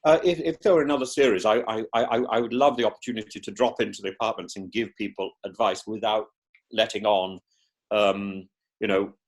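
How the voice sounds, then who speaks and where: A man chatting as a podcast guest, animated and theatrical, often restarting and repeating words as he thinks. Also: fairly low pitch, fairly quick. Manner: animated, theatrical, breaks into put-on voices. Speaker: podcast guest, professor and former politician. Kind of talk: casual interview chat.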